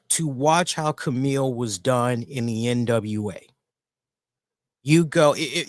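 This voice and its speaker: A man hosting a solo wrestling review, talking in an animated, emphatic way and repeating words for emphasis. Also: medium pitch, no echo, studio quality. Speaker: wrestling show reviewer, host.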